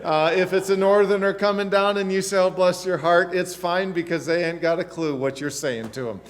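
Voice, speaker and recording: A man's voice: high-pitched, a little fast. A middle-aged man, preaching a sermon as pastor with emphatic rhetorical questions and asides. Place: church sanctuary. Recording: long church reverb.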